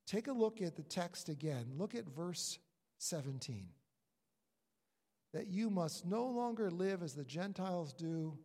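A middle-aged male pastor from New York preaches a sermon with a gravelly, fairly high voice. He tells his story with emphatic repetitions. The sound carries the long reverb of a large hall. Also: darkish tone.

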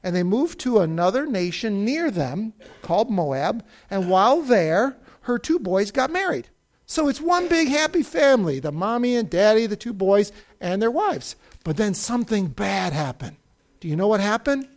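An animated Bible teacher whose pitch leaps all over as they tell the stories. The delivery swings from loud outbursts to near-whispers, and the pitch sits in a middle range. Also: normal speed. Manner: expressive storyteller with big swings between loud and hushed. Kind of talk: animated Bible story lesson.

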